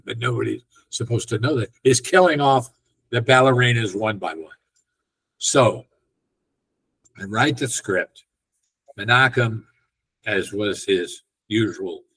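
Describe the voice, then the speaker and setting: An older man with a husky, slightly rough voice at a middle pitch tells a long anecdote as an interview guest. He talks casually and acts out quoted lines of dialogue along the way. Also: rough recording. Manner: animated storyteller who acts out quoted dialogue. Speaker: interview guest, film director.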